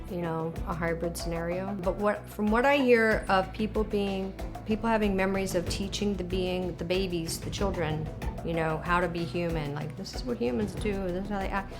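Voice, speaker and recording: A woman's voice: on the low side, fairly even intonation, moderate pace, music in the background. A woman interviewed for a documentary, telling a vivid, emotional story with hesitations. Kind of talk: documentary interview recounting an experience.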